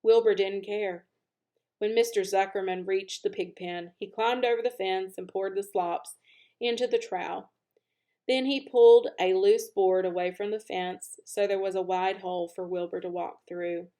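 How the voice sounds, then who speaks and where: A woman reading a children's novel aloud, with expressive, animated narration as the channel's regular reader. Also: medium pitch, normal speed. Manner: expressive, animated narration, speeds up at lively moments. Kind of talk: storybook read-aloud.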